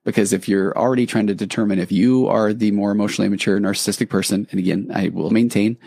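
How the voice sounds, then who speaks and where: Gravelly low-voiced man hosting a podcast. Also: steady tone, fast talker, a little mellow, no room sound, clean studio sound. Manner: earnest, reassuring and reflective; conversational, with frequent restarts. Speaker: podcast host. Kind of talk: casual podcast monologue.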